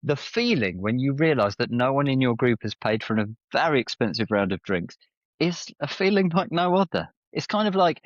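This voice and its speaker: A man, a podcast guest, chatting casually and telling lively stories with playful swings in his voice. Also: moderate pace, no echo. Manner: animated storyteller, playful swings in pitch. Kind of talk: casual chat. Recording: slightly muffled, dry sound.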